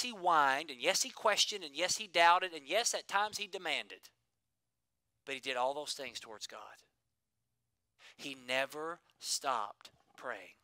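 Bright, crisp-voiced man preaching. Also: high voice, no echo. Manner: preaching with emphatic repetition, swinging between loud and hushed. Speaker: pastor. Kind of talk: sermon.

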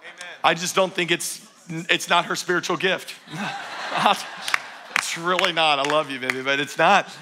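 A male pastor preaching a sermon in church, energetic and joking with his congregation. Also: a little high, a little slow, long pauses, heavy background noise.

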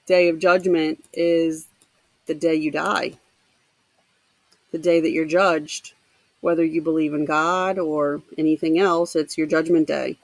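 A woman teacher reading a novel aloud for her students, pausing to explain with casual asides. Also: low-pitched, little pitch movement, no room sound. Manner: pauses to explain to students, with fillers. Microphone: home computer mic.

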